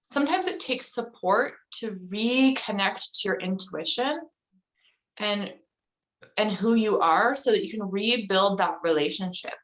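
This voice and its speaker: A woman's voice: medium pitch, animated, measured pace, fairly bright tone, low-quality recording. A middle-aged woman, a guest in an interview, speaking casually and telling a story with many fillers. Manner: chatty, loose storytelling with frequent 'like' and 'um'.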